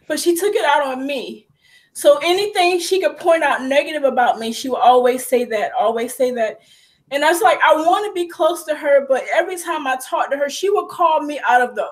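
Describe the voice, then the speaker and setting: Young woman host, high voice, tearful and breaking, heartfelt personal talk. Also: low-quality recording. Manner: tearful, voice breaking as she talks. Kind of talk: emotional personal conversation.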